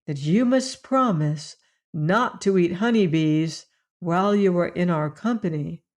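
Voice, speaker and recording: A woman's voice: on the low side, unhurried, close to an everyday voice. A woman doing the earnest boy Ojo. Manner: earnest, polite. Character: earnest polite young boy. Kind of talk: audiobook character voice.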